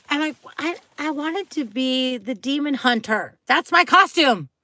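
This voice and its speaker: A woman's voice: sits high, animated, takes it slowly, sharp tone. A middle-aged woman hosting a late-night live stream from home, chatting and rambling casually with viewers and greeting them by name. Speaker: livestream host.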